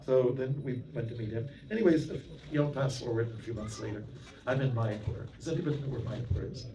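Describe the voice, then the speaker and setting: A man's voice: medium pitch, a little fast, dark tone, a little hiss or hum. A man from Canada, a monk giving a storytelling lecture to a temple audience, chatty and anecdotal, often asking the room questions. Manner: chatty, anecdotal, with many "you know" asides and audience questions. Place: temple hall. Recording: roomy hall, mic at a distance, audience present.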